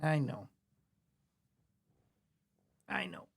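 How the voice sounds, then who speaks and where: A man streaming live, chatting casually as he tells a rambling story and breaks off to coo at his cat. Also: extremely slow. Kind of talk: casual livestream chat.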